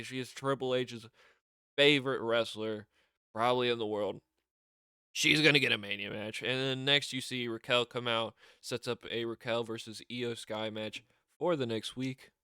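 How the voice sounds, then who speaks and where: A man casually recapping a wrestling show on his own, excitable and rambling, with lots of fillers, restarts and laughter. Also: mid-range voice, clear, resonant tone, dry recording, clean studio sound.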